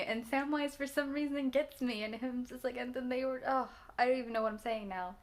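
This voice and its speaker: A woman's voice: sits high, steady tone, normal speed, gravelly. A woman in her twenties chatting casually about movies she just watched, rambling, laughing often and restarting her sentences. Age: 20s. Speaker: vlogger reacting to films.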